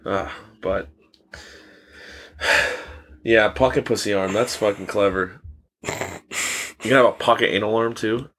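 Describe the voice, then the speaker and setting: A man's voice: fairly low pitch, steady tone, slow, long pauses, fairly bright tone. A man telling crude stories in casual podcast chat, swearing a lot and laughing at his own jokes. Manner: profane, laughing storyteller. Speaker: podcast co-host.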